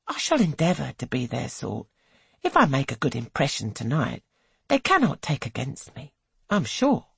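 A reader voicing a poised young wife, composed and measured, in an audiobook. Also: mid-range voice, wildly swooping pitch, creaky, a bit bright, slightly rough, no room sound, exaggerated voice. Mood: hopeful. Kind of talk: audiobook character reading.

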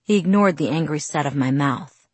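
A woman narrating a first-person novel as an audiobook in a soft, even storytelling voice. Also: low voice, normal speed, breathy edge, no echo.

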